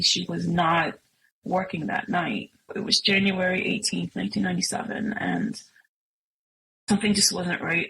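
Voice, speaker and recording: A woman's voice: lowish voice, gravelly, fairly bright tone, a little hiss or hum, poor audio. A middle-aged woman sharing a personal story as a guest, speaking earnestly and emotionally with many fillers. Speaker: podcast guest.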